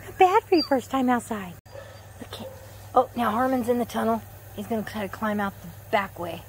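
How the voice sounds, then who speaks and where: A woman outdoors talking to puppies in a high, sing-song baby-talk voice. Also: brisk, slight background noise. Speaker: dog owner filming puppies. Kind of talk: casual chat to puppies. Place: outdoors in a yard.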